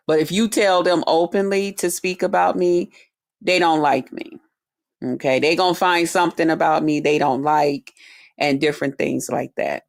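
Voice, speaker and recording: A woman's voice: low voice, fairly even intonation, creaky. A woman hosting her own channel, ranting casually to subscribers in a profane, confrontational way. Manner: profane, confrontational, drawn-out talk. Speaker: channel host. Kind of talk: casual vlog rant to subscribers.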